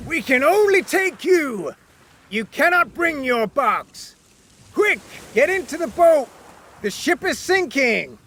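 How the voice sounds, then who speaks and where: A man voicing a stern ship captain who barks urgent orders in a raised, higher voice than his narration. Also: expressive, unhurried, fairly bright tone, a little hiss or hum. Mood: shouting urgently.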